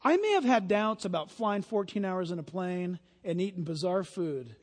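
High-voiced preacher man in a reverberant hall. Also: lively intonation, moderate pace. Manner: swings from hushed storytelling to loud fervent preaching. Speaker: pastor. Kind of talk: sermon. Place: church sanctuary.

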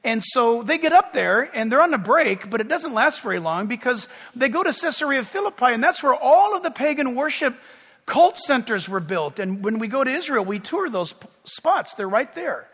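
High-voiced animated male pastor. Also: normal speed, breathy edge, big-room sound. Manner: animated, shouts out quoted crowds, jokes with the congregation. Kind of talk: sermon. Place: church sanctuary.

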